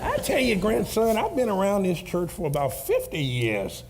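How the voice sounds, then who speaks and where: A man playing an excitable old grandfather who has attended church for decades, rambling through examples in a church comedy skit. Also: moderate pace, over loud music, full character voice. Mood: folksy. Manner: drawling, rambling, bursts into high squeals.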